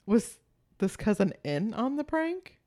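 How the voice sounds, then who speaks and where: A woman's voice: fairly high pitch, big pitch swings, unhurried, dark tone. A woman co-hosting a podcast, reacting to a story with gasps, laughs and short remarks. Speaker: podcast co-host listening. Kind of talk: casual chat reactions.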